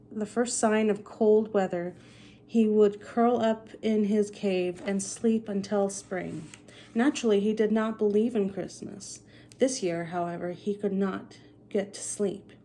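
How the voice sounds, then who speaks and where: A young adult woman reading a storybook aloud in a relaxed, unhurried way. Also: mid-range voice, slight background noise. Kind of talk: casual read-aloud narration.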